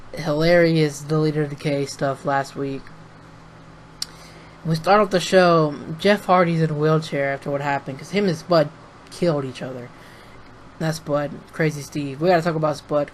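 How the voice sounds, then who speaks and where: An excitable young man talks straight into his webcam, recapping a wrestling show in a loose, rambling way. He swears freely and breaks into laughter as he retells it. A faint hiss of noise sits under his voice. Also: a little high, rough recording. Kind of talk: casual recap with face cam.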